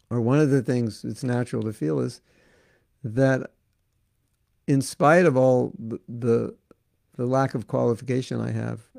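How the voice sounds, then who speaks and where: A man's voice: medium pitch, gravelly, mellow, dry recording, clean studio sound. A man giving a devotional talk as a spiritual teacher, earnest and repetitive, often saying "you know", then taking viewer questions.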